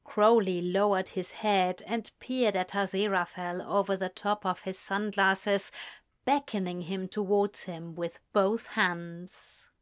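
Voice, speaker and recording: A woman narrating a story in a slow, measured reading voice. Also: mid-range voice, fairly even intonation. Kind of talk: fan fiction reading.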